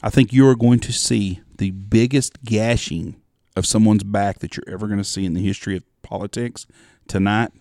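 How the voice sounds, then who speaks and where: A man's voice: fairly low pitch, steady tone, normal speed, darkish tone, no echo, studio quality. A man in his forties, co-hosting a casual chat and telling rambling, profane stories. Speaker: podcast co-host.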